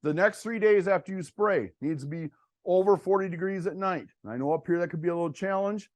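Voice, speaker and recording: A man's voice: high voice, a little fast, no echo. A middle-aged man giving a farm workshop presentation to farmers on cover crops, talking in a blunt, folksy and plainspoken way. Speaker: cover crop seed dealer presenting to farmers.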